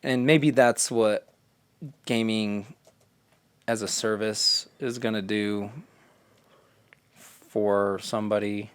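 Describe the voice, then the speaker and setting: Low-voiced man in loose gaming chat. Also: takes it slowly, long pauses, clear, resonant tone, no room sound. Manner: rambling, animated, swears, puts on voices for quoted people. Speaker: podcast co-host. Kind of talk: casual chat.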